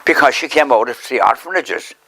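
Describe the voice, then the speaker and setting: A man's voice: animated, fairly quick, sharp tone. An older Irish man reminiscing in a documentary interview, rambling and repeating himself as he recalls the past. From Ireland. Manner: rambling, repeats words, acts out quotes in higher voice. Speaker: interviewee telling his life story.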